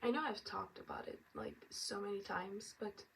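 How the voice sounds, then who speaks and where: A tired woman from France chatting casually as she gets ready, rambling and now and then dropping to a soft whisper. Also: mid-range voice, huge pitch swings, normal speed, gravelly, slight background noise. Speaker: vlogger. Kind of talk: casual get-ready-with-me chat. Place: at home getting ready. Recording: distant mic, faint room ambience.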